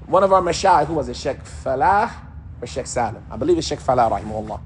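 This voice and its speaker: Male religious teacher, conversational and animated, playful mimicry, light ambient noise. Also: medium pitch, fast. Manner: casual, animated, mimics accents and voices. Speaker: Islamic teacher. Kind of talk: religious lesson.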